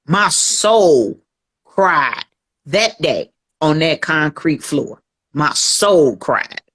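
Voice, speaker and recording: A woman's voice: deep voice, lively intonation, very slow, fairly bright tone, breathy edge. Podcast guest, a woman, earnest storytelling, acts out the voices in her tale. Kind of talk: personal testimony in a podcast interview.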